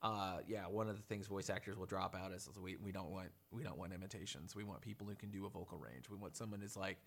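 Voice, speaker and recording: Brief: man, lowish voice, casual podcast chat, rambling storyteller. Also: steady tone, fast, hardly any pauses, fairly bright tone. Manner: rambling, talks in long anecdotes. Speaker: podcast guest.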